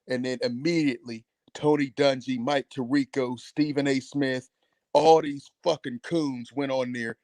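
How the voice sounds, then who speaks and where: A man's voice: mid-range voice, fairly even intonation, measured pace, darkish tone, no echo. A man calling in to a talk show, ranting in a heated, emphatic and profane way. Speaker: caller. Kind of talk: call-in radio rant.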